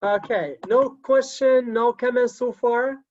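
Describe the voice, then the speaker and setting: A woman's voice: a little high, fairly even intonation, unhurried, darkish tone, dull audio. A woman teacher trainer giving an online class lecture, repeating key words and checking in with frequent okays.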